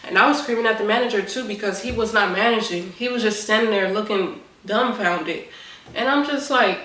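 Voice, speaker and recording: A young adult woman vlogger telling a personal story to her viewers in animated, casual chat. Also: mid-range voice, brisk. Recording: roomy echo, voice a bit far from the mic.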